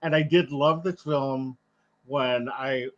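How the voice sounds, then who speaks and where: A man's voice: medium pitch, steady tone, slow pace, a bit bright. A man in his fifties in a casual live discussion over a video call, easygoing and laughing as he talks. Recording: muffled video call audio.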